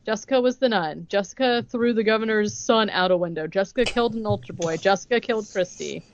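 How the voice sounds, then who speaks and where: A woman's voice: medium pitch, fast, dull audio, slight background noise. Rambling woman podcast host. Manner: rambling retelling full of "like" and acted-out quotes. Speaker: podcast co-host recapping a movie. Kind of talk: casual chat.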